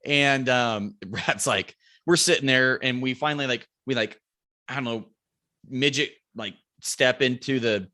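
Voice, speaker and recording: Acting out quotes from himself and a buddy, a young podcast guest spins a lengthy tale, cursing liberally and full of loose, animated energy. He talks at a measured pace, his medium-pitched voice carrying a bright, sharp edge.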